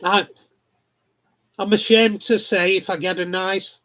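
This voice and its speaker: A man's voice: high voice, fairly even intonation, a little slow, bright, forceful tone. A man chatting casually on a live stream, telling funny stories, swearing freely and laughing often. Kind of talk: casual chat. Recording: dull lo-fi sound.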